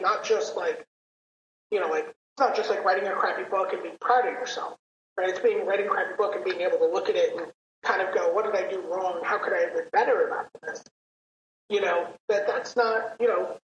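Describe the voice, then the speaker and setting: A woman's voice: medium pitch, roomy sound, lo-fi sound, slight background noise. A woman hosting a podcast, telling a long anecdote in a rambling, filler-heavy casual way. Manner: rambling storyteller, many fillers. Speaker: podcast host.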